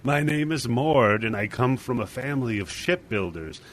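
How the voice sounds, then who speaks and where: A man's voice: medium pitch, expressive, normal speed, a bit bright, a little hiss or hum, natural voice. A man putting on a frail seasick old man. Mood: fussy.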